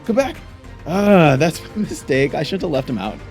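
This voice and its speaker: A man's voice: fairly high pitch, sing-song, normal speed, a little mellow, soft background music. A young man giving frantic, frustrated commentary while playing a game. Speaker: gaming YouTuber. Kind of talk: gameplay commentary.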